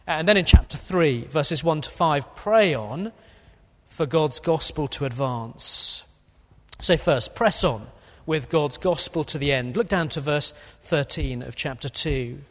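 A man's voice: on the high side, measured pace, fairly bright tone. A man preaching an earnest expository sermon, with a few fillers. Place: church. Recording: long hall reverb.

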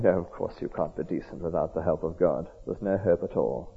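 A man preaching a sermon in an earnest, measured, conversational way. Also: deep voice, vocal fry, slightly rough. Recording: tinny echoey hall recording.

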